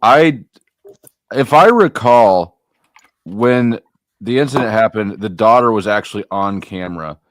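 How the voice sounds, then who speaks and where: Low-voiced man hosting a livestream. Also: expressive, no echo, studio quality. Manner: rambling, halting with many fillers. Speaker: stream host. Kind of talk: casual livestream chat.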